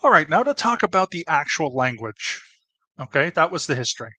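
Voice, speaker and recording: A man's voice: on the high side, sing-song, brisk, bright, forceful tone, no echo. A man explaining in a casual, chatty way, with asides and restarts. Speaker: presenter. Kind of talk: casual educational talk.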